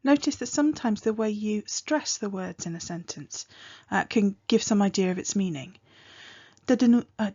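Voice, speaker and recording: A woman teaching a language lesson, patiently explaining and modeling phrases slowly and clearly. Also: medium pitch, expressive, warm tone, dull audio. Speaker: Welsh teacher.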